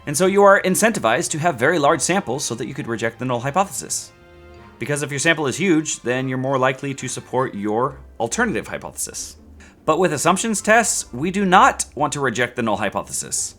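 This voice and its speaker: A man teaching statistics in a playful, sarcastic, animated way. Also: mid-range voice, brisk, faint music behind. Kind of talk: scripted educational video.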